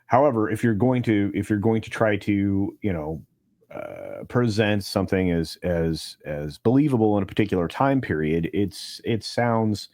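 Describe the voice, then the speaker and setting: Male panelist, deep low voice, dry close sound, slow and halting delivery. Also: animated, a little mellow, no echo. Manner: halting, searches for words, many restarts. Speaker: podcast panelist. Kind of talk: casual panel chat.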